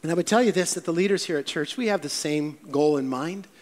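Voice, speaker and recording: A man preaching a sermon as a pastor in a church, telling stories with animated, voiced quotes. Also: fairly high pitch, fast talker, in a large hall.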